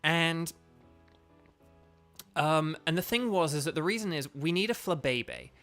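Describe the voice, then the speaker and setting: A man's voice: a little high, expressive, a little slow, a bit bright. Chatty British man streaming a game. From Britain. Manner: rambling, chatty, many fillers and laughs. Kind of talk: casual gaming livestream chat. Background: faint background music.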